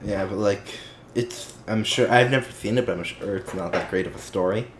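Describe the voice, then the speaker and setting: A man's voice: on the low side, brisk, noisy background. A man hosting a casual chat, laid-back, laughing often and swearing casually. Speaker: host.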